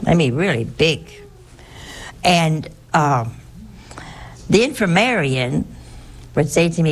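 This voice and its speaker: A woman's voice: deep voice, animated, slow, pauses often. An older woman, a nun, telling personal stories in a rambling, anecdotal way with frequent restarts. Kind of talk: personal storytelling.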